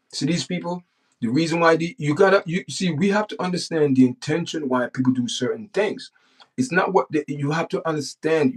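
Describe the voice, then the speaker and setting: Jamaican guy on his livestream just rambling, lots of restarts, middle-aged, normal pitched voice, gets fired up now and then. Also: low-quality recording. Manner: rambling, restarts often, animated bursts. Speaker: livestream host. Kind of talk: casual live-stream monologue.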